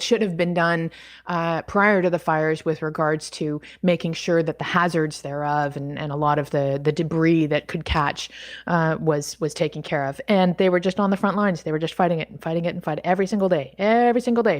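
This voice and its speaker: A Canadian woman, a podcast guest, telling a story casually and lively, acting out what people said, often restarting her sentences. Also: low voice, brisk. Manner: animated, acts out quoted dialogue, frequent restarts.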